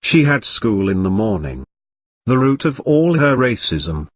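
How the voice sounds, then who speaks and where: A man narrating a scripted comedy story in a flat, matter-of-fact way. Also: mid-range voice, measured pace, dry recording.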